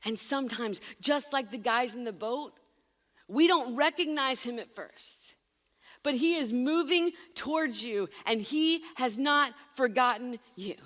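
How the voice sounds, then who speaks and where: A woman's voice: a little high, fairly bright tone, long reverb tail. A woman pastor giving a sermon, speaking emphatically and addressing her listeners directly. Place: church sanctuary.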